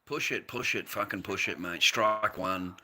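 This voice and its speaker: Deep-voiced sweary Australian streamer man. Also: measured pace, bright, forceful tone, slight background noise. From United States. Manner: profane, combative, swears constantly. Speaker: livestreamer. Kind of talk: casual livestream chat answering viewers.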